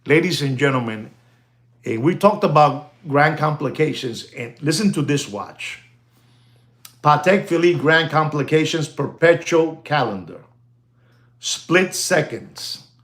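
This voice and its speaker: Guy, hyping watches on a live stream, super animated, keeps dropping words. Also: a little high, measured pace. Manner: animated, mixes Spanish exclamations into English, thanks viewers by name.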